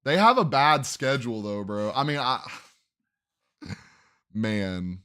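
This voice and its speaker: A man's voice: mid-range voice, very animated, slow pace, a bit bright, clean tone, no room sound, clean studio sound. A young man hosting a sports podcast, casually running through game predictions and thinking aloud as he second-guesses his picks.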